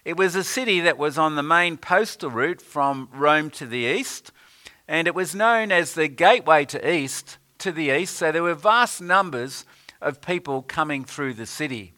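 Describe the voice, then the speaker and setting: A man delivering a sermon at an unhurried pace, pausing often with hesitant fillers. His voice sits a little high and rings bright and forceful. He quotes scripture in old-fashioned wording. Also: lively intonation. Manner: unhurried, many "uh" pauses, quotes scripture in King James wording. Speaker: preacher.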